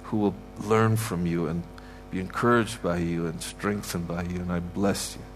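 A man's voice: deep voice, fairly even intonation, moderate pace, faint music behind. A man from Canada preaching a heartfelt sermon, repeating his points with emphasis and pronouncing blessings over a church congregation. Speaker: guest preacher. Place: church sanctuary.

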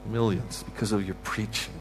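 A man's voice: fairly low pitch, fairly even intonation, moderate pace. Canadian guy preaching in a church, emphatic and repetitive, faint hum behind. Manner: emphatic, repetitive, heartfelt blessings. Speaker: guest preacher. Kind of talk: sermon. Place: church sanctuary.

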